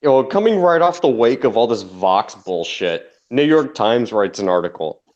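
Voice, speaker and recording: A man's voice: mid-range voice, big pitch swings, moderate pace, a little mellow, dull audio. A man ranting profanely about media coverage on a casual livestream. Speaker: guest co-host.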